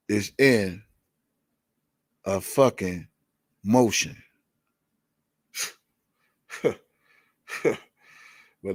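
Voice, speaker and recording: A man's voice: lowish voice, dry recording, studio quality. A man hosting a live show, ranting in blunt, profane, confrontational commentary and repeating key words for emphasis. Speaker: livestream show host. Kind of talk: heated commentary rant.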